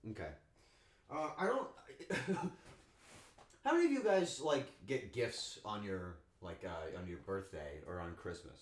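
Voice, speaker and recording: A man's voice: fairly low pitch, unhurried, a little hiss or hum. A man casually chatting with his viewers on a cooking stream, playful and joking. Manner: playful, joking with chat, animated outbursts. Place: home kitchen. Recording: echoey room, faint ambience.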